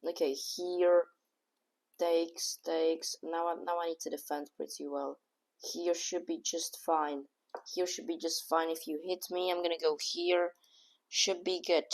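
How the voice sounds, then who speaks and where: A woman giving casual, excitable running commentary on her own chess game, thinking aloud move by move and often scolding herself. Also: on the low side, a little slow. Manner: casual slang, says "bro" and "oh my god". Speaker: chess streamer.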